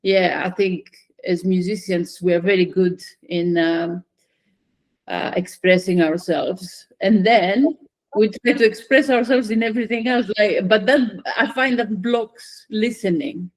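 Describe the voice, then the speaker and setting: A woman's voice: medium pitch, measured pace. A woman musician hosting an interview, speaking reflectively and searching for her words. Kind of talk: interview conversation.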